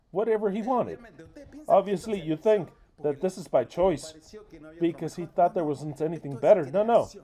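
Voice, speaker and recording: A man speaks over a sermon as its English interpreter, cursing and scolding with heavy emphasis. His voice sits high yet sounds dark and mellow, with almost no brightness to it.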